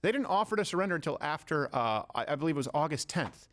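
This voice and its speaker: A man's voice: fairly high pitch, animated, fast, fairly bright tone. A man hosting a political talk show, arguing his points and cracking jokes with co-hosts. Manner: argumentative, joking, reads quotes aloud. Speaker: show host.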